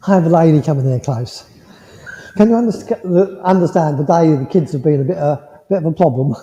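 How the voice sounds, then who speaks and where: A man giving a mediumship demonstration to a congregation, speaking in a gentle, reassuring way and checking in often with the listener. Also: fairly high pitch, fairly quick. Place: village hall. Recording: muffled hall sound with long reverb.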